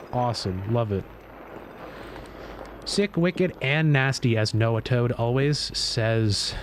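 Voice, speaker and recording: A man streaming live, chatting casually while gaming, boastful and excitable, swearing freely. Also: medium pitch, slight background noise.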